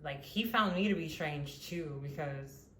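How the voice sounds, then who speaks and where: A woman's voice: low voice, unhurried. A young woman telling a personal story in a casual monologue, rambling with many fillers and frequent laughs. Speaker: vlogger. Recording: echoey room with faint noise.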